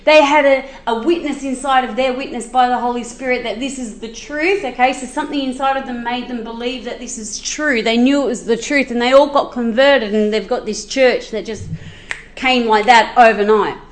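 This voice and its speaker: High-voiced woman retelling a Bible story. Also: normal speed, echoey room. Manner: animated, chatty, with many restarts and asides. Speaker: Bible teacher.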